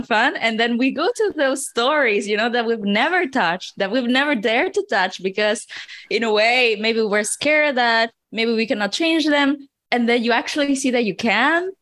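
A woman co-hosting a podcast, speaking in an unhurried, reflective way in casual chat. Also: a little high, a bit bright. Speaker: podcast co-host.

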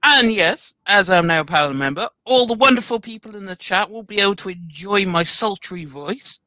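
A man with a bright, lively voice that moves up and down. He speaks politely and teases himself in a playful way, recorded dry. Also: high voice, normal speed, no echo. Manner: polite, playful, self-mocking. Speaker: podcast panelist. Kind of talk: casual chat.

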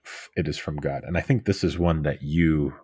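A man's voice: rumbling low, normal speed, darkish tone, breathy edge, no room sound. A man co-hosting a podcast, talking casually about faith and telling stories in a rambling way with many fillers. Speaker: podcast co-host.

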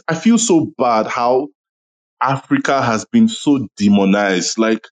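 A man's voice: mid-range voice, animated, slow pace, long pauses, low-quality recording. A man from Nigeria speaking passionately in a casual online audio-room chat, often repeating himself and apologizing. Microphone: phone in an online audio room.

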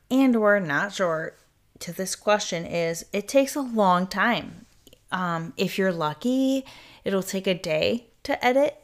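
Rambling, cursing woman podcast host. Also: medium pitch. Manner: rambling, self-interrupting, swears casually. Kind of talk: casual solo podcast talk.

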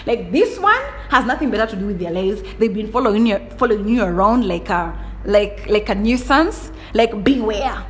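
Young adult woman, podcast host, solo chat, lively storyteller, fairly high voice, soft hum in the background. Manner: animated storytelling, frequent "like" and "do you understand?". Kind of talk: casual solo monologue.

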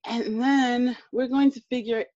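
A woman co-hosting a casual podcast, telling stories in an animated, chatty way. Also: a little high, unhurried, no room sound, dull audio. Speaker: podcast co-host.

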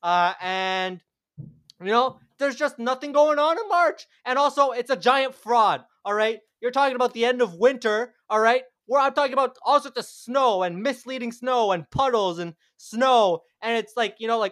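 A young man argues in a heated, sarcastic rant and drops the odd swear. His voice sits high for a man. It is recorded close and dry. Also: normal speed, a bit bright, no echo. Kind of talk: casual chat.

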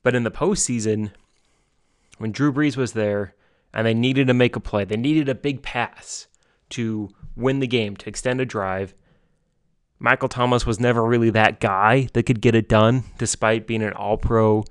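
A young man giving solo sports commentary from home, excitable and gushing, often repeating and restarting himself. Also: medium pitch, moderate pace, clean tone, no echo, studio quality. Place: home basement.

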